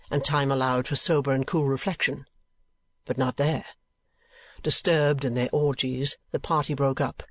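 Measured male audiobook narrator, slightly high. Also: no echo. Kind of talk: scripted narration of a classic novel.

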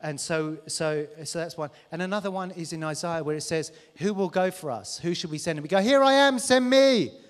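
Male preacher, live church sermon, candid, animated, acts out dialogue, slightly high voice, long hall reverb. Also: a little fast, few pauses. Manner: candid, conversational.

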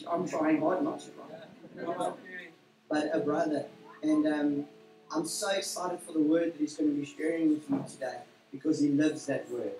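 Male pastor leading a service, rambling and full of fillers, mid-pitched voice, heard from a distance in an echoey hall. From South Africa. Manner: warm, rambling, with frequent fillers and self-corrections. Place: church hall during a service. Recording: roomy church hall from a distance, faint music.

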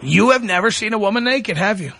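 A man's voice: sits high, lively intonation, fast, gravelly, pushed and bright. A man hosting a call-in radio show, needling a caller with provocative, repeated questions. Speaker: radio talk show host.

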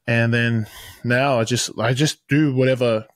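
A man's voice: mid-range voice, fairly even intonation, unhurried, dry recording. A young adult man with an Australian accent, a podcast guest in casual chat who repeats his phrases as he talks.

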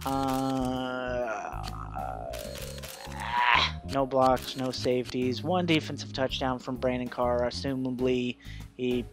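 A man's voice: mid-range voice, fairly even intonation, takes it slowly. Brief: man, gaming video commentary, rants and swears, light music under the voice. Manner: ranting, swearing, laughing, mock voices. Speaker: gaming YouTuber. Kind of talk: casual gameplay commentary.

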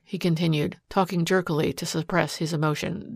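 A woman narrating an audiobook in a measured, steady storytelling manner. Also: sits low, vocal fry, dry recording, clean studio sound. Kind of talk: scripted narration.

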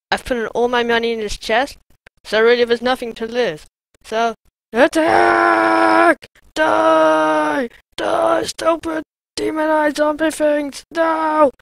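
A woman commenting on her own gameplay in a let's play, excitable and shouting taunts at enemies. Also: a little high, no echo, low-quality recording. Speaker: gamer.

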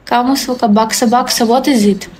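A woman's voice: a little high, fairly even intonation, brisk, a little mellow, a little hiss or hum, poor audio. A young woman in her twenties with a Belarusian accent, chatting cheerfully on a livestream in broken English, repeating greetings and thanks. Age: 20s. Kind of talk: casual live-stream chat reading comments.

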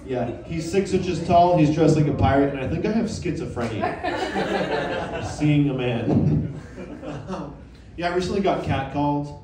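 Young guy doing standup, playful crowd banter, kinda high voice, roomy sound from off-mic. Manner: playful, self-mocking, quick asides to the crowd. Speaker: stand-up comedian. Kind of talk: stand-up set. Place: small comedy club with a live audience. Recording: roomy club sound, mic heard from a distance, audience noise.

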